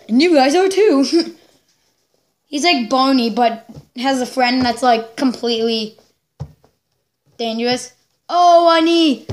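A woman hosting a reaction video, giving excitable live commentary, exclaiming and laughing along as she watches. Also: high-pitched, slow pace, long pauses.

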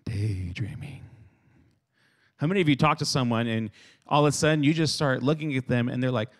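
A man preaching a lively youth sermon who acts out everyday scenes and has the crowd repeat words after him. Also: medium pitch, fast talker. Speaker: youth speaker.

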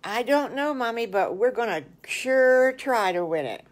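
An older woman doing high little piglet boys, eager, stumbling and repeating words, storybook voices. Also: animated, measured pace. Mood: excited. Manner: eager, tumbling over words, repeating themselves. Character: excited little boy piglets, three brothers.

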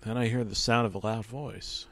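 Low-voiced man narrating a horror story. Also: fairly even intonation, moderate pace, a bit bright.

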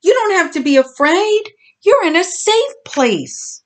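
A woman's voice: extremely high pitch, very animated, unhurried, voice pushed up, exaggerated voice. A woman voicing an eager, chatty young boy piglet in a storybook reading.

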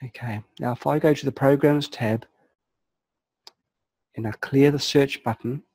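A man calmly narrating a software walkthrough step by step, explaining each setting as he clicks through it. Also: mid-range voice, a little slow, dry recording, low-quality recording. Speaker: software tutorial presenter. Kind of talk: screen-recorded software walkthrough.

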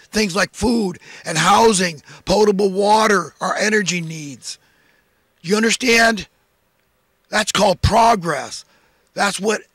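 A man's voice: sits high, fairly bright tone, slightly rough, dry recording, studio quality. A man delivering a preachy, impassioned monologue of social commentary, full of emphatic rhetorical questions. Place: in California.

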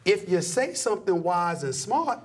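A husky middle-aged man talks emphatically in an interview. His voice leaps from a low growl to loud high exclamations as he preaches his point, and his everyday pitch sits a bit high. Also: very animated, normal speed. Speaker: sports commentator guest. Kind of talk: animated interview talk.

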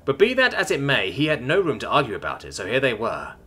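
A man reads a story aloud in an expressive, scripted style, his pitch rising and falling freely. His voice is bright with a breathy edge. Faint music plays underneath. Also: fast talker. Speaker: narrator.

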